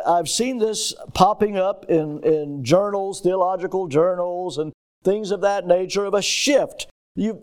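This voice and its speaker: A man with a notably high voice delivers a teaching sermon. He reads old-fashioned scripture wording aloud, then explains it plainly and throws questions to his listeners. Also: darkish tone. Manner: teacherly, asks the congregation questions. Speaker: pastor. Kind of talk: expository sermon.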